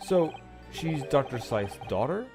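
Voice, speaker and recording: A man's voice: medium pitch, very animated, slow, over music, voice pushed up. A man voicing an earnest young male lawyer in a game, polite and inquisitive.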